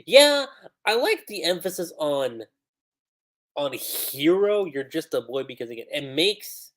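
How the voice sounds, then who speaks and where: A man hosting a livestream, reading manga dialogue aloud and commenting on how two translations differ, acting out the lines with lively emphasis. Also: fairly high pitch, a little slow. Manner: reads character lines aloud with animated emphasis.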